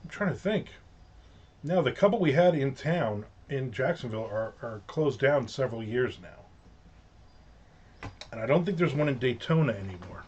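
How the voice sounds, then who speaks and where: A man's voice: medium pitch, lively intonation, moderate pace, pauses often, a little mellow, slightly rough. A middle-aged man hosting a casual livestream from home, rambling through stories with jokey asides. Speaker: livestream host. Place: at home with windows open. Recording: slightly dull lo-fi sound.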